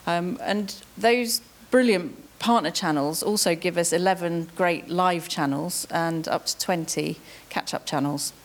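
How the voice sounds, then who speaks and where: A woman's voice: fairly low pitch, measured pace, few pauses. A woman, a TV executive, giving a presentation on a conference panel, friendly and full of ums.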